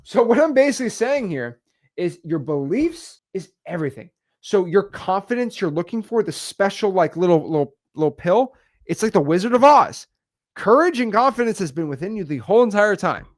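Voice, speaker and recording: Energetic man coaching. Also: high voice, fairly quick. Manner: energetic, repeats words, acts out examples. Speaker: real estate wholesaling coach. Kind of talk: teaching talk on video.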